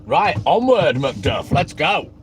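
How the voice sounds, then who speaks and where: A man's voice: fairly high pitch, very animated, a little slow, a little hiss or hum, poor audio. A man live-streaming from his milk round, greeting viewers by name and bantering cheekily.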